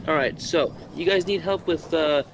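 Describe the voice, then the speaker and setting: A man's voice: fairly high pitch, moderate pace, noisy background. A man playing a tabletop game in character, playful and joking. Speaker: player.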